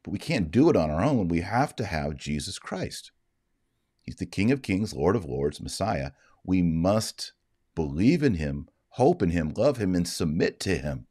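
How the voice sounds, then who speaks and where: Man, deep low voice, dry close sound, earnest moralizing livestream commentary. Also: big pitch swings, unhurried, mellow, breathy edge, no echo. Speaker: Catholic commentator.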